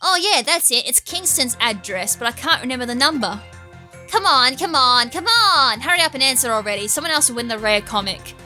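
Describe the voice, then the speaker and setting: Eager young male gamer hero, voiced by an Australian woman; bright and fairly high. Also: expressive, fairly quick, soft background music, full character voice. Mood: frantic.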